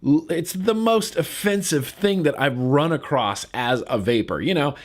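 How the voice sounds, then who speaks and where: A man's voice: a little high, lively intonation, a little slow. Fired-up emphatic male vlogger. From California. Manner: fired up, emphatic, repeats words for stress. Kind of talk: casual vlog rant.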